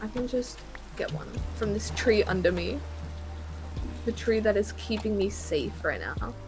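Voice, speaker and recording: A woman's voice: mid-range voice, lively intonation, unhurried, over music. A woman chatting while gaming, panicky, giggly and rambling. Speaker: gaming guest. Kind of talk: casual gaming chat.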